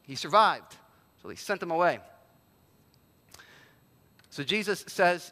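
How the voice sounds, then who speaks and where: A man pastor giving a sermon in a conversational, animated way and acting out quotes. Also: high-pitched, moderate pace, pauses often, big-room sound.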